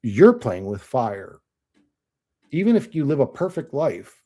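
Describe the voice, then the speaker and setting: A man's voice: mid-range voice, very animated, a little slow, mellow. A young man streaming live, chatting casually and bluntly, cursing often and laughing at chat.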